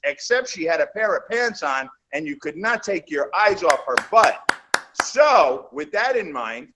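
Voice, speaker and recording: A man guesting on an interview, spinning animated stories about his acting days. His voice sits a bit on the high side for a man, and he talks in a loose, rambling way with many restarts. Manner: animated anecdotes, trails off and restarts. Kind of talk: casual storytelling in a shoot interview.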